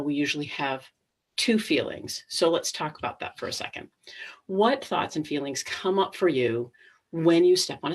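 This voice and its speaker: A woman's voice: low voice, breathy edge. A middle-aged woman hosting a live webinar, talking casually with many ums and restarts and acting out inner thoughts. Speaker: webinar host.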